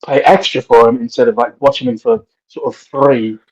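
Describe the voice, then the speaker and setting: Casting: male podcast co-host, mid-pitched, rambling and casual. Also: big pitch swings, normal speed, muffled recording. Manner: rambling storyteller. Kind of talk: casual chat.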